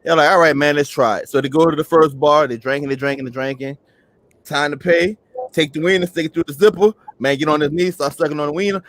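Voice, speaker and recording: A man in casual livestream chat, telling a joke in a quick storytelling way. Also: on the high side, fairly bright tone.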